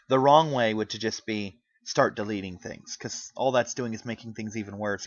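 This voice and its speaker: A man's voice: mid-range voice, bright, forceful tone, no room sound, muffled recording. A man giving an earnest, pleading rant to his audience, rambling with restarts as he speaks from the heart. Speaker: YouTuber. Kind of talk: earnest spoken rant to camera. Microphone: home microphone.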